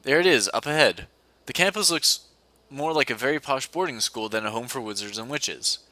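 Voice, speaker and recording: A young man hosts a co-op let's-play, reading a visual novel aloud into a desk mic at his computer and adding playful, giggly asides. His mid-range voice is sharp and a little fast, with lively intonation and no echo.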